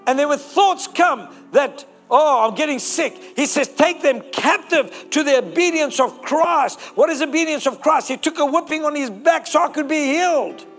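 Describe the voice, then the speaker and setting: High-voiced fervent male preacher. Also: lively intonation, normal speed, few pauses, a bit bright, soft background music. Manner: fervent, exhorting, rallies the congregation. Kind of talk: sermon.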